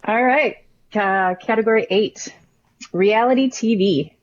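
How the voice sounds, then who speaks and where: A woman hosting a trivia game, reading questions and answers in a brisk, matter-of-fact way. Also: medium pitch, highs cut off, slight background noise. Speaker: quiz host.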